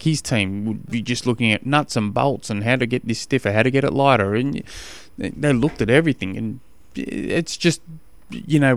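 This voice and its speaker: A man's voice: medium pitch, smooth, no echo. A middle-aged Australian man hosting a podcast, chatting in an easygoing, slangy way about training. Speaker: podcast host and triathlon coach. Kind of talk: casual podcast monologue.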